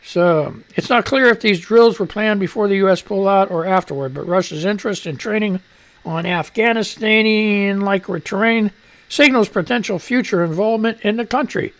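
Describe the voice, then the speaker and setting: A man's voice: sits high, normal speed, fairly bright tone. A man hosting a live radio show, reading news and ranting with profanity while fumbling with his studio mic. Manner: profane, irritable rant, fiddling with the mic. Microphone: studio microphone at shifting distance.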